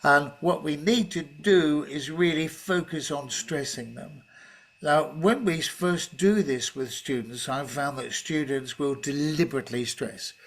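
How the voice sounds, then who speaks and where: A man leading a teacher-training workshop, explaining in a measured way with frequent fillers and restarts. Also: a little high. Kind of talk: online workshop talk.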